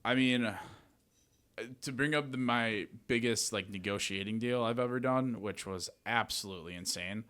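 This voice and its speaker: A man talking as a podcast guest, telling lively anecdotes in a casual way and acting out what everyone said. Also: fairly low pitch, normal speed, smooth. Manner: animated, retells scenes with "I'm like". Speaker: podcast guest, real estate wholesaler. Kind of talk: casual storytelling.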